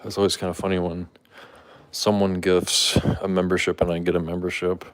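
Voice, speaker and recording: A man with a deep, low voice hosts a casual live stream. He chats loosely with his viewers, reads out their names and thanks them, and now and then coos at his cats. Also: level tone, brisk. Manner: talks to his cats in a high playful voice. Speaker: livestream host.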